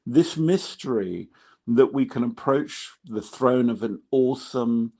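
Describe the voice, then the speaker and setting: A man hosting a podcast, speaking in a measured, reverent and reflective way that lingers on each word. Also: mid-range voice, dark tone. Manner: measured and reverent, dwells on words.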